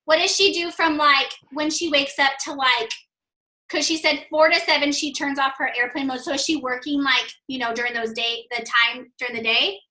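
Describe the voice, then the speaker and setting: Eager bright-voiced woman, echoey room. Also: high voice, fairly even intonation, normal speed. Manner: eager, questioning, filler-heavy. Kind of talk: casual group call.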